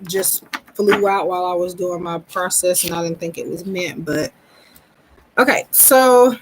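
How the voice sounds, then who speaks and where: Woman doing a tarot reading live, loose and rambly, lots of ums, mid-pitched voice. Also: low-quality recording. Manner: relaxed, rambling, frequent ums; greets viewers mid-reading. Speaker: tarot reader.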